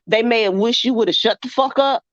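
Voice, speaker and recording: A woman's voice: fairly high pitch, a little fast, a bit bright, dry recording. Blunt, teasing woman on a dull, dry line. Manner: blunt, teasing, emphatic with swearing. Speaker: co-host. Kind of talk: livestream chat.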